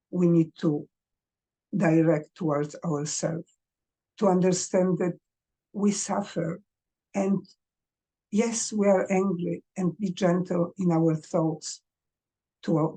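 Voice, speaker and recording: A woman gives parents gentle, earnest advice at an unhurried pace. She speaks English as a second language, in a mellow, slightly husky voice. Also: fairly low pitch. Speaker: parenting coach.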